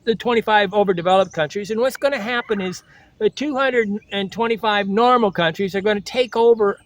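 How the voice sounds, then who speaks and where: An older man talks straight to his vlog audience in a high-pitched voice. His delivery is blunt and preachy, and he keeps circling back to the same catchphrases. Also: a little fast, no room sound. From United States. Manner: blunt, lecturing, repeats slogans. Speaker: travel vlogger. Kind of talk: blunt motivational monologue.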